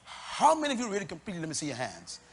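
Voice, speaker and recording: A man's voice: high-pitched, wildly swooping pitch, rapid-fire, slight background noise. A man preaching a sermon to a church congregation, emphatic and teasing, repeating his key phrases. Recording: long hall reverb.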